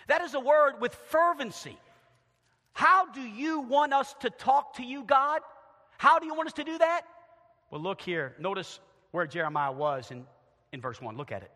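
A middle-aged man preaching a sermon as pastor in a church, moving from quiet, intimate asides to loud, shouted emphasis. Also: sits high, big pitch swings, normal speed. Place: church sanctuary. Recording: long church reverb.

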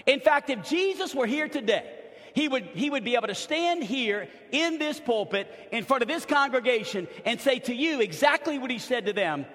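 A pastor from New Orleans preaching a sermon in a church, emphatic, swinging from loud to hushed. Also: male voice, very high-pitched, very animated, moderate pace. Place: church sanctuary. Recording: long hall reverb.

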